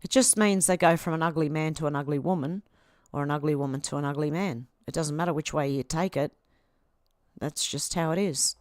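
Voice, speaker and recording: A woman's voice: low voice, fairly quick, darkish tone, dry recording, studio quality. An Australian woman in her fifties hosting a casual livestream, reading viewer comments aloud and chatting back to them. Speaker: livestream host.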